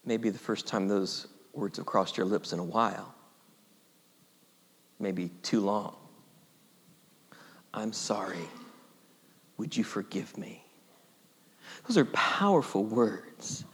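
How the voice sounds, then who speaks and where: A man preaching a sermon as pastor, earnest and reflective, sometimes dropping to a hushed near-whisper. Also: a little high, big-room sound.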